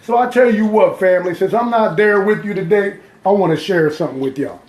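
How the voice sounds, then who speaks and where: A man's voice: sits high, brisk, darkish tone, roomy sound. A man chatting upbeat to viewers in a casual live cooking stream from his kitchen. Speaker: home cook hosting a live stream.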